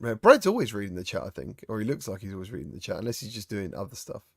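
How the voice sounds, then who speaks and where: A middle-aged man hosting a podcast, chatting casually and telling animated stories. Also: fairly low pitch, rapid-fire, vocal fry, husky, no room sound, clean studio sound. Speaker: podcast host. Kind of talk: casual chat.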